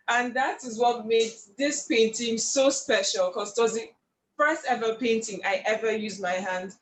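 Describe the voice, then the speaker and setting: A woman, a painter guest telling her story in an animated, expressive way. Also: on the high side, moderate pace, slight background noise. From Nigeria. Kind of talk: casual storytelling interview. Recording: echoey room with faint ambience.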